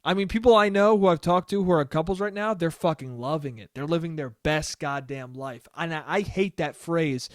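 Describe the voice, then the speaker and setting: Profane rambling young man, high voice. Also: moderate pace, hardly any pauses, dry recording, clean studio sound. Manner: profane, rambling, laughs often. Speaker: podcast host. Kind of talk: casual solo monologue.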